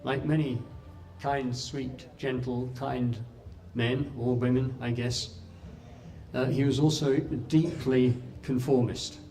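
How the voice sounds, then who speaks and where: A man giving a talk in an impassioned storytelling way, with dramatic pauses. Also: mid-range voice, steady tone, mellow, far from the mic, soft background music. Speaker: speaker at a talk. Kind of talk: storytelling speech.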